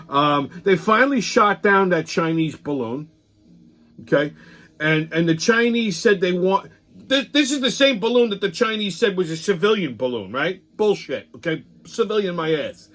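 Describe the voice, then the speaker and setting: A man with a somewhat high voice rants through his weekly commentary. He curses constantly, turns sarcastic, and keeps restarting his sentences as he goes. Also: a bit bright. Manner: profane, heated, sarcastic, rambling with restarts. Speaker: host of a weekly political commentary show. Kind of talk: casual ranting commentary.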